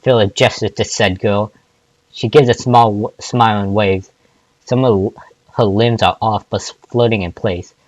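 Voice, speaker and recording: Low-voiced man reading fan fiction. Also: steady tone, normal speed, dry recording. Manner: stumbling, restarting words while reading. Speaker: fanfic reader.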